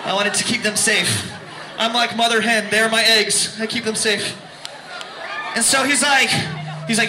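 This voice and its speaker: High-voiced frontman rambling on stage. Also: fairly even intonation, measured pace, long pauses. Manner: rambling, self-mocking, laughing through the story. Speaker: band frontman. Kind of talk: onstage storytelling between songs. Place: concert venue. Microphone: stage vocal mic. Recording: echoey live venue, crowd noise.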